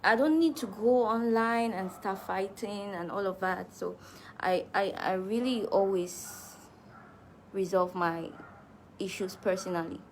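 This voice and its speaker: A woman's voice: medium pitch, unhurried, a little hiss or hum. A woman with a Cameroonian accent, a musician chatting casually through fan questions, laughing easily and restarting her sentences. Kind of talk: casual live Q&A chat.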